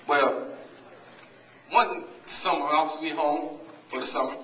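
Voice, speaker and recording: A coach gives a humorous, motivational banquet speech as a guest speaker, telling stories and addressing the crowd directly. His slightly high voice is pushed and bright at a measured pace, with a little hiss or hum. The distant mic in the echoey hall makes the sound dull.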